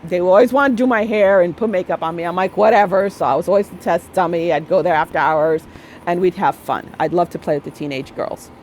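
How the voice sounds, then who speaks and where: A woman in her thirties, a spiritual vlogger, gives a casual monologue, speaking bluntly and emphatically, repeating her points and often adding "okay?" Her voice is on the low side, brisk and a little mellow. There's slight background noise and the audio is poor.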